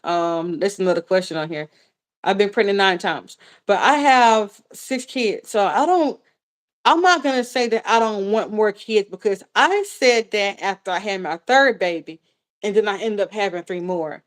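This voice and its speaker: A woman's voice: medium pitch, moderate pace. A woman in her thirties, a vlogger answering viewer questions in a casual live chat, talking candidly with lots of fillers and repeats. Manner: candid and chatty, with frequent fillers and swearing; rambling, repeats herself.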